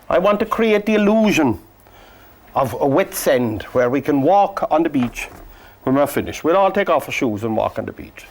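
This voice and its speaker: Gentle Irish painting teacher, man. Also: on the high side. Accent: Irish, Cork. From Ireland. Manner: gentle, joking, soft-spoken instructions. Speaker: painting instructor. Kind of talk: painting lesson with chatty asides.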